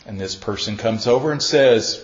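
A man's voice: on the low side, moderate pace, a little hiss or hum. A middle-aged male pastor telling a self-mocking story in a sermon, acting out the dialogue in a folksy way. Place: church. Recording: echoey room, dull lo-fi sound.

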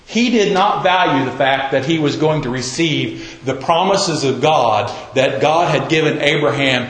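A man's voice: on the high side, a little slow, fairly bright tone. A man preaching a sermon, telling the story in a folksy, conversational way. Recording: roomy echo.

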